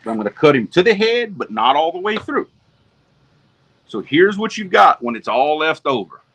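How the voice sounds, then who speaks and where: A man's voice: on the high side, sing-song, moderate pace, fairly bright tone, slightly rough. A man from Louisiana with a Southern accent, hosting a casual fishing livestream and talking viewers through each step in a folksy way. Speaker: fishing show host.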